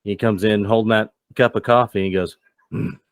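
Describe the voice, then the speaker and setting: A man's voice: on the low side, fairly even intonation, fairly quick, clear, resonant tone, no echo. A man narrating a tabletop game as game master in a casual, rambling way. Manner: casual, rambling, many fillers.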